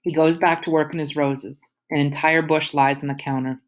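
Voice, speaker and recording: A woman's voice: sits low, fairly even intonation, moderate pace. A woman narrating a novel in the first person, in a casual, youthful telling. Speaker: audiobook narrator.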